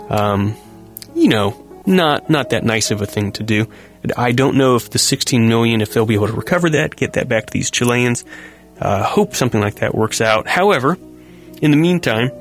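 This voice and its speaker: A man hosting a talk show, commenting casually on news items with a rambling, self-correcting manner and frequent chuckles. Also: mid-range voice. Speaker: host.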